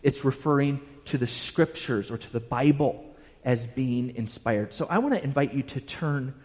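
A man's voice: mid-range voice, animated, moderate pace, a little mellow. A man teaching a Bible class, explaining passages to his listeners and stumbling into repeated words as he restarts a thought. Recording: long hall reverb.

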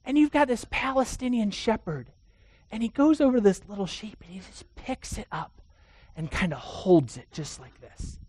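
A man preaching a sermon, telling stories earnestly, swinging between emphatic declarations and hushed, quiet passages. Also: high voice, expressive, moderate pace, dry recording. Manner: earnest storytelling with emphatic rises and hushed drops.

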